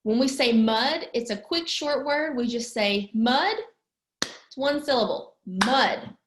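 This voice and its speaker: A woman with a high-pitched voice gives a slow, clear lesson to young children, patient and sing-song, drawing out each word as she claps it. The sound is roomy.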